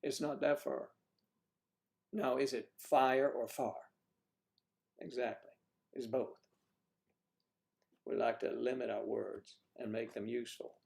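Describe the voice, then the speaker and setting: Taking it slowly, with long pauses and fairly even intonation, a man speaks in a medium-pitched, gravelly, slightly mellow voice. He's a northern US livestream host, chatty and jokey, reading viewer comments aloud and responding casually.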